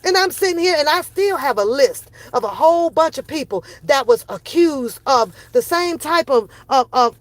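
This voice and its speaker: A middle-aged woman, a commentary vlogger, launches into a heated, sarcastic opinion rant packed with profanity and repeated rhetorical questions. Her voice is high-pitched, with no room sound.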